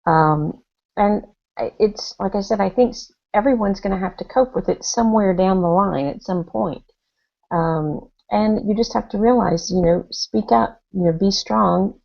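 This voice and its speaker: A woman's voice: mid-range voice, creaky. A woman client on a group coaching call, chatting casually and thinking aloud in a hesitant way. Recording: dull lo-fi call audio.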